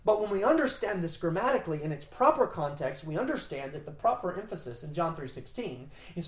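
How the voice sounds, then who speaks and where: A Bible teacher, a woman with a fairly low, sing-song voice, explains the grammar of a scripture verse, emphatically repeating key phrases. She speaks briskly with few pauses, and the recording is reverberant.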